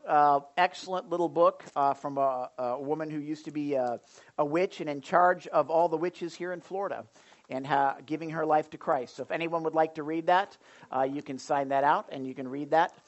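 A middle-aged man pastor leading a church prayer and then giving announcements, folksy and animated with many fillers. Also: fairly high pitch, normal speed, muffled recording. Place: church service.

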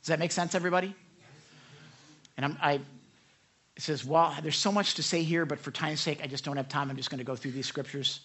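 A man preaching a sermon, reading scripture emphatically with quick asides. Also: a little high, steady tone, bright, forceful tone. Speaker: pastor.

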